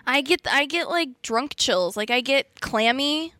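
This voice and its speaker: A young woman from Western New York co-hosting a podcast, talking in an animated, giggly way among friends. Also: high voice, dry recording, studio quality. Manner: giggly, animated, quick to laugh. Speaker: podcast co-host. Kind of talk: casual chat among friends.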